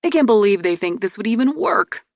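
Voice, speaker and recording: A woman's voice: medium pitch, big pitch swings, fairly quick, gravelly, no room sound. Female reader as a cheeky young prince who teases his sister; light touch, dry close mic. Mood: teasing. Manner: teasing, amused. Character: teasing young prince, her twin brother.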